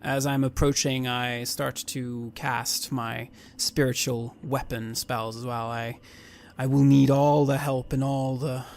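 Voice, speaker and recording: A man voicing his cleric in a tabletop game, slow and measured, with a level, flat delivery. He speaks solemnly and sometimes restarts a phrase. A faint hiss of noise sits behind him. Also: mid-range voice, creaky. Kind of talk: tabletop role-play, in and out of character.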